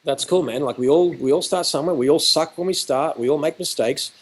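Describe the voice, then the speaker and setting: A man's voice: on the high side, fairly quick, breathy edge. Chatty Australian man telling stories. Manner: chatty, acts out dialogue with quoted exchanges. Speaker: photography educator. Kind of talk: animated conversational storytelling. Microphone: video call.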